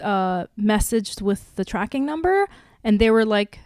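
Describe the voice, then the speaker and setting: A woman in her thirties hosting a podcast, telling a personal story candidly, with lively restarts. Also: medium pitch, measured pace, dry recording, clean studio sound. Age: 30s. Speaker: podcast host. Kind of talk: casual podcast chat.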